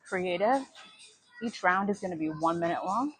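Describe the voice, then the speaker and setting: A woman's voice: lowish voice, lively intonation, normal speed, a little hiss or hum, rough recording. A woman vlogging her workout in a gym, chatting while she exercises and out of breath. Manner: chatty, talks while exercising, sighs and clears throat. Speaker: fitness vlogger. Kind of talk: casual workout livestream talk.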